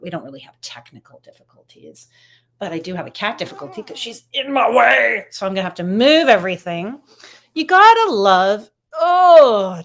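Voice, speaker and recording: A woman hosting a casual phone livestream, giving psychic readings in a chatty, upbeat way and talking straight to her viewers. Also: mid-range voice.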